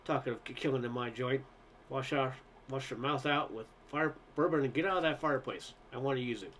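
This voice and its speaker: A man doing a gruff, growling barkeep. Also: medium pitch, fairly quick, fairly bright tone, slight background noise, close to an everyday voice. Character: big gruff male bar owner, warm and steady.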